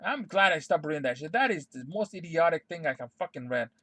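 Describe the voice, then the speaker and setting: A man's voice: a little high, animated, quick pace, fairly bright tone, no echo. A young man streaming live, ranting to his chat in a heated, exasperated way, swearing a lot and repeating his refusals over and over. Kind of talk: unscripted rant to stream chat.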